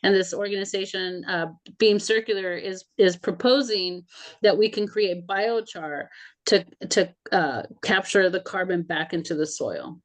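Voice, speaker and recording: A woman's voice: medium pitch, measured pace. Earnest woman guest on a video call. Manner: earnest, hesitant, with frequent fillers. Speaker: interview guest, community advocate. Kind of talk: casual video call conversation.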